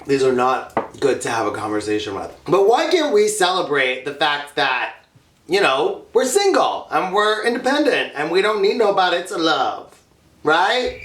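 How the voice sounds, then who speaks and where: A man's voice: medium pitch, fairly bright tone, echoey room, slight background noise. Chatty man vlogging with his mouth full. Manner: chatty, laughing, talking while eating candy. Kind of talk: casual mukbang chat.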